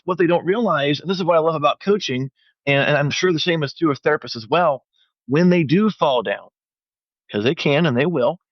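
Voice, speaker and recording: A man's voice: fairly high pitch, dry recording, dull audio. A man who works as a financial coach, guest on an interview podcast, telling stories and acting out his clients' lines. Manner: animated storyteller who acts out client dialogue.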